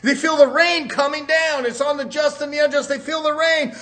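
High-voiced fervent preacher man. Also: fairly even intonation, brisk. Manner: fervent, repetitive "brothers and sisters", rising to shouts. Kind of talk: sermon.

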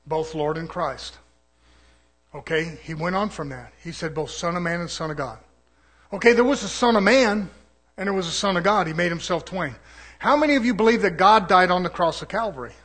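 A man preaching a folksy sermon, asking his listeners rhetorical questions and swinging from quiet murmurs to loud, fervent exhortation. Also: fairly high pitch, breathy edge.

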